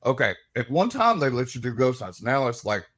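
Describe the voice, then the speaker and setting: A middle-aged man, a guest telling animated stories and laughing as he acts out the voices in them. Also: mid-range voice, a little fast. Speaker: guest, paranormal investigator. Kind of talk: animated storytelling.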